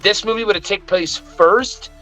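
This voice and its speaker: A man's voice: sits high, normal speed. A man co-hosting a casual movie review podcast, ranting heatedly with plenty of swearing. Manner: heated, profane ranting with animated outbursts. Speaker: podcast co-host. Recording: slightly dull lo-fi audio with faint music.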